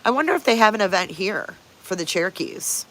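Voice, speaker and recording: A woman's voice: mid-range voice, big pitch swings, a little fast, a bit bright. An older woman hosts a casual livestream and answers her viewers one by one. She is blunt and swears freely, with frequent chuckles. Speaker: livestream host.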